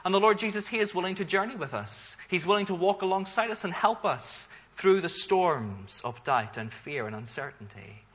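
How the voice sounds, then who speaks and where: A male pastor preaching a sermon in an earnest, emphatic way, his slightly husky voice bright and forceful. He asks rhetorical questions and lets his delivery swell. The recording sounds a little dull and lo-fi. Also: high voice, lively intonation, normal speed, hardly any pauses.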